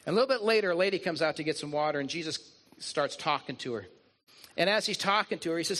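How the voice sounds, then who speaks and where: A man's voice: on the high side, animated, fast talker, fairly bright tone. A man preaching a sermon as a pastor, retelling stories in an earnest way and leaning on repetition. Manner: earnest storytelling, leans on repetition.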